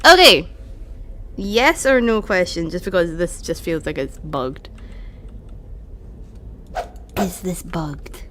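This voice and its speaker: A woman's voice: on the low side, expressive, slow, pauses often, background noise. A young woman, streaming a video game and chatting with her viewers, swearing and venting her frustration. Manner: swearing, talking to chat, frustrated outbursts. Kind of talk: casual live-stream commentary.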